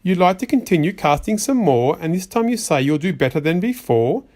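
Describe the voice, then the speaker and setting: Fussy scolding storybook rabbit as a man puts it on, sing-song rhyming scolding, high-ish voice, swooping lively pitch. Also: a little fast. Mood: exasperated.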